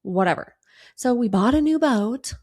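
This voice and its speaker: A woman's voice: medium pitch, fairly even intonation, normal speed, gravelly, darkish tone. A woman in her thirties hosting a casual solo podcast, chatting breezily, swearing casually and acting out quoted conversations. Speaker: podcast host.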